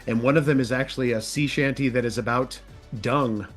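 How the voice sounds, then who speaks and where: A man who narrates audiobooks, chatting in an interview in a lively way, his voice jumping up when excited. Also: a little fast, soft background music. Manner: animated, pitch jumps when excited. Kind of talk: casual interview chat.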